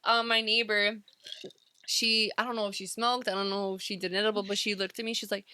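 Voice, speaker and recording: A young woman co-hosting a casual podcast, telling an animated story and acting out what was said. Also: mid-range voice, brisk, clear, resonant tone, no room sound, clean studio sound. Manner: animated storyteller, soft quoted asides. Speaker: podcast co-host.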